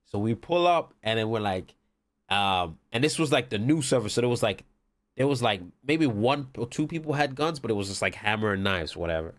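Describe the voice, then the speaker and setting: A man's voice: fairly low pitch, animated, brisk. Podcast guest: casual, rambling male storyteller with many fillers. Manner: rambling, lots of "like" and "whatever".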